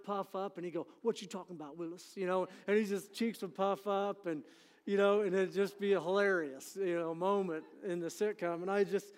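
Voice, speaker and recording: A man's voice: sits high, clean tone, big-room sound. A middle-aged man preaching a sermon as pastor, folksy and conversational, often asking for an amen. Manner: conversational and folksy, frequent "you know" and "amen". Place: church sanctuary.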